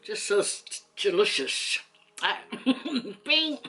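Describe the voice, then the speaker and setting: A woman's voice: on the low side, expressive, slow pace, fairly bright tone, soft background music. A woman with a Samoan accent chatting playfully to camera while eating, teasing her food and giggling. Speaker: mukbang vlogger. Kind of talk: casual eating chat to camera.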